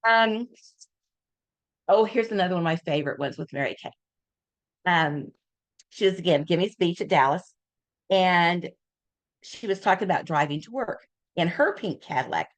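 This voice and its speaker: Older woman telling lively anecdotes. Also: on the low side, normal speed, pauses often. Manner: lively anecdotes, acts out quoted voices. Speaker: guest speaker. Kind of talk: casual storytelling talk.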